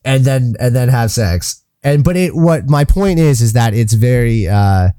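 A man's voice: medium pitch, lively intonation, unhurried, warm tone, clean tone, no echo, studio quality. A man co-hosting a casual podcast, rambling through a film scene, searching for words and swearing casually. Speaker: podcast co-host. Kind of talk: casual chat.

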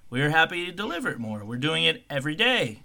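A man co-hosting a podcast, trading crude, profane jokes and acting out characters in loud, high voices. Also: big pitch swings, fast talker, gravelly. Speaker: podcast co-host. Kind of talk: crude comedic podcast banter.

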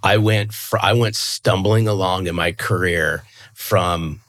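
A man's voice: low-pitched, a little slow, a bit bright. A man in his fifties, a guest in an interview, talking earnestly and with emphasis, often restarting and repeating words. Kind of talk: conversational interview.

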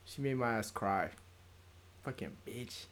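A man's voice: medium pitch, lively intonation, unhurried, fairly bright tone, slight background noise. Laid-back young man, slangy banter. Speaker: podcast co-host. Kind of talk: casual chat. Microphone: podcast mic.

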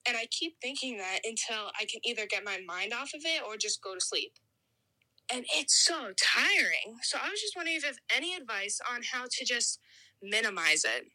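A woman's voice: a little high, sing-song, brisk, bright, forceful tone. A young woman caller leaving an anxious, rambling voicemail, recorded on a phone from a distance. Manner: anxious, rambling, self-critical. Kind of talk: voicemail message.

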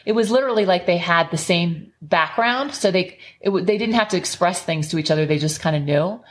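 Fast-talking woman telling family stories. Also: lowish voice. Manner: animated storyteller, acts out her kids' voices. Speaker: podcast guest. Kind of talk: casual storytelling chat.

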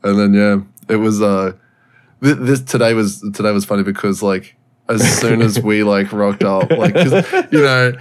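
A man's voice: lowish voice, normal speed, clean tone. A man co-hosting a podcast, telling a story in casual chat, laughing often and swearing freely. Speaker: podcast co-host.

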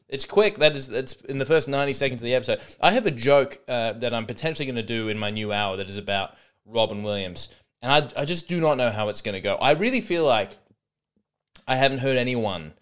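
A man's voice: medium pitch, clean tone. An Australian man hosting a comedy podcast, talking in a rambling, sarcastic, self-mocking monologue.

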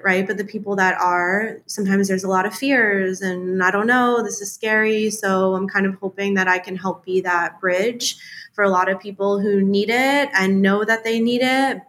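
A woman talking as a podcast guest in a relaxed chat, full of fillers and acting out the things she said in her head. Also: medium pitch, slight background noise. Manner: chatty, many fillers, acts out her own inner dialogue. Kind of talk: casual storytelling interview.

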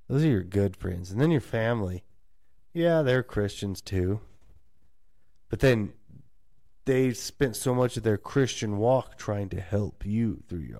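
Mellow-voiced man in animated casual chat. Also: on the low side, creaky, no echo, clean studio sound. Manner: animated, acts out quoted voices of friends and family. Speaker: podcast co-host.

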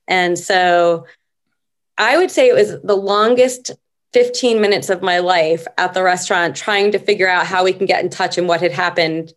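A middle-aged woman, a podcast guest, telling stories at an unhurried, reflective pace in a casual interview. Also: fairly low pitch.

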